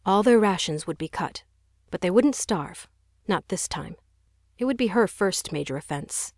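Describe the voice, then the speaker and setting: A woman's voice: medium pitch, animated, normal speed, dry recording, studio quality. A woman narrating a young adult audiobook in a tense, dramatic storytelling manner. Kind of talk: scripted narration.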